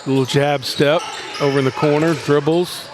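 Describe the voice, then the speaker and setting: A man calling live basketball play-by-play from a high school gym, running the action steadily and correcting himself quickly. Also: steady tone, background noise. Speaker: play-by-play announcer. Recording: gym ambience and ball bounces.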